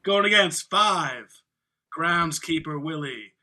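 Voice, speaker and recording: A man hosts a casual podcast, reading out matchups with playful energy. His voice sits high and rings very bright. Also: expressive, takes it slowly. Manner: announcing brackets with playful energy. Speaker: podcast host.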